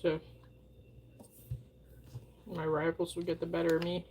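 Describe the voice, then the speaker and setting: A woman livestreamer in casual chat, often talking softly to her dog. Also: lowish voice, monotone, measured pace, vocal fry, a little hiss or hum.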